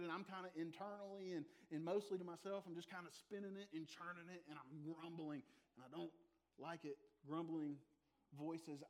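Man preaching, slightly high voice. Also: fairly even intonation, moderate pace. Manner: conversational preaching with asides and humor. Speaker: pastor. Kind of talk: sermon.

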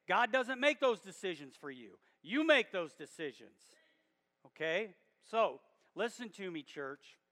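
A man preaches to his church congregation, pressing his points emphatically and rising to bursts of volume. His voice is high and sing-song, measured in pace and sharp, with the long reverb of a hall.

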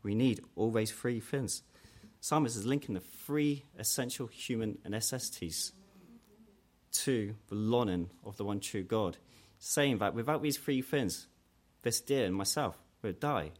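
A man preaching a sermon in an earnest way, growing louder and higher when he voices quoted challenges. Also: unhurried. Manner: earnest, rises in pitch and force when quoting mockers.

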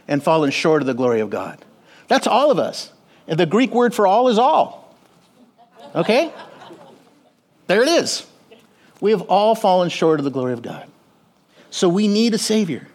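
A man preaches a sermon in a church sanctuary, his voice sitting a little high for a man. His delivery is animated, dropping low and rising loud as he calls out to the congregation. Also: unhurried, pauses often. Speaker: pastor.

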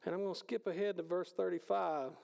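Man preaching, high voice, gravelly, conversational, loud then hushed, reverberant hall. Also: fairly even intonation, fairly quick. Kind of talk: sermon.

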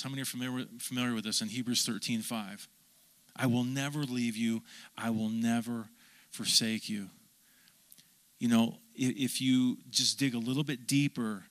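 A man, a pastor, preaching a lively sermon and calling on the congregation to answer back. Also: mid-range voice. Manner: animated, calls for audience response.

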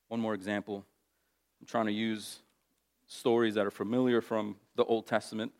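Laid-back guy preaching, chatty and animated, tells stories. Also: fairly low pitch, moderate pace. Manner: casual, conversational, animated storytelling. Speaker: pastor. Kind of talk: sermon.

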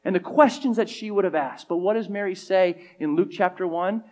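A man preaching a sermon in a conversational way, acting out the disciples' voices and shifting between loud emphasis and quiet lines. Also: high-pitched, moderate pace. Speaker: pastor.

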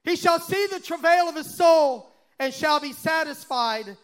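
A pastor preaching a sermon and reading scripture aloud, with dramatic swells and sudden hushes. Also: male voice, very high-pitched, animated, a little slow. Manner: dramatic, swelling and dropping to a hush.

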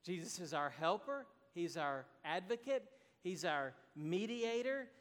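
Pastor, male, high voice, earnest sermon delivery, long hall reverb. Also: lively intonation, a little slow, a bit bright. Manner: earnest preaching, rising to emphatic declarations.

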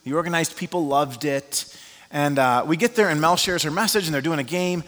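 A male pastor preaching a sermon as an animated storyteller who uses many fillers. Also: a little high, brisk. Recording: long reverb of a large hall.

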